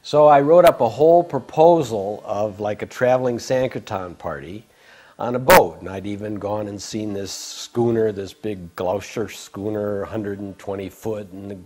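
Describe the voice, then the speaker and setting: An older man casually recounting a personal memory, rambling with frequent restarts, stammers and soft laughs. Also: on the low side, normal speed. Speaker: devotee recalling memories. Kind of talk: casual storytelling.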